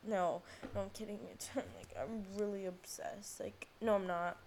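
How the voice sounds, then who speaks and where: A woman's voice: medium pitch, steady tone, moderate pace, darkish tone. A young woman hosting her own podcast alone. She rambles in casual chat, mocks herself, swears a lot, says "like" constantly and loses her train of thought. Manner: rambling, self-mocking, heavy use of "like", frequent swearing; jumps between topics, loses her thread. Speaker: podcast host. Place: at home, on her phone.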